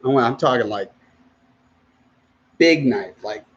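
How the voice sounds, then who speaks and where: A man's voice: medium pitch, measured pace, husky, lo-fi sound. Laid-back man chatting on a livestream. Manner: relaxed, laughs often, trails off mid-sentence. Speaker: channel host reading viewer comments. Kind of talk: casual livestream chat.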